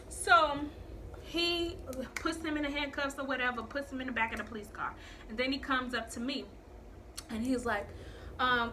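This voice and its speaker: A young woman tells a storytime to her viewers, animated and profane, slipping into the voices of the people she quotes. Her voice is bright and sits a little high. A faint hiss runs under the recording. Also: moderate pace. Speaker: vlogger telling a story. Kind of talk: casual storytime vlog.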